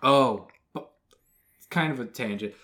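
A man's voice: mid-range voice, measured pace, sharp tone. A young man co-hosting a podcast, telling rambling anecdotes in casual chat. He swears freely and laughs often. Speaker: podcast co-host.

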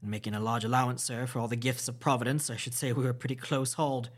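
A man voicing a gruff, stubborn old sea captain in an audiobook reading, talking in a blunt, clipped seafaring way. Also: mid-range voice, level tone, quick pace, natural voice. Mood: steady, blunt.

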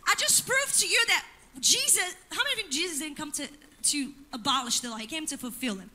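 A woman preaches in church with a very high, bright, cutting voice. She drives her points hard, pausing for the congregation with repeated calls to listen and answer. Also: animated. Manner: emphatic preaching with call-and-response asides. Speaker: pastor. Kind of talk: sermon.

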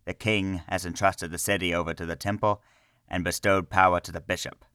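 A man's voice: sits low, little pitch movement, brisk, bright, forceful tone, clean tone, dry recording, studio quality. A man playing a stern temple guard. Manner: firm, official, commanding. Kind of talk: audiobook character voice.

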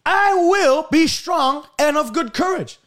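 A man preaching a fervent broadcast sermon, repeating words and breaking into bursts of shouting. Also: extremely high pitch, lively intonation, takes it slowly.

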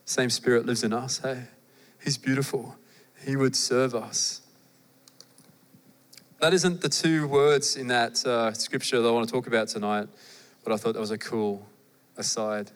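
Man, Australian accent, young adult, casual animated sermon, long reverb from the hall. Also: mid-range voice, a little slow, long pauses. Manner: conversational and animated, with asides to the audience. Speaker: preacher.

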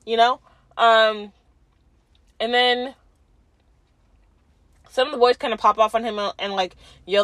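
A woman's voice: medium pitch, steady tone, normal speed, long pauses, a bit bright, no room sound. A young woman casually recapping a reality show, chatty and full of fillers, acting out what people said. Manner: chatty, filler-heavy, acts out quotes.

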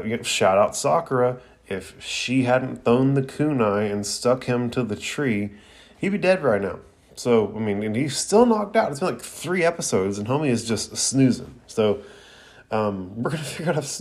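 A man reviewing an anime episode in a casual, slangy, excited way, laughing often. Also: medium pitch.

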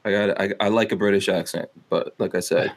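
A man's voice: deep voice, steady tone, fast talker. A man chatting casually on a podcast, blunt and joking with crude asides.

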